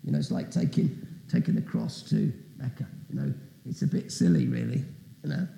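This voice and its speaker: A man's voice: medium pitch, huge pitch swings, fairly quick, creaky, mellow, echoey room, poor audio. A man preaching as a guest speaker, telling a story with asides and questions to the audience. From Britain. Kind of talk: testimony sermon.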